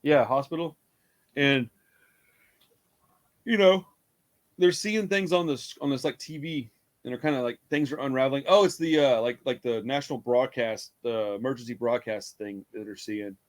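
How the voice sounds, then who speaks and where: Reviewing a horror film on his podcast, a co-host with a mid-range voice speaks at a moderate pace. He loosely retells the plot, rambling, laughing often, and swearing without restraint.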